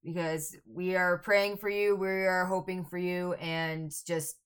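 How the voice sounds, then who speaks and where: A Canadian woman in her late thirties co-hosting a podcast in casual chat, blunt and quick with asides, swearing freely. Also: lowish voice, steady tone, a bit bright, clean tone. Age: 30s. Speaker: podcast co-host.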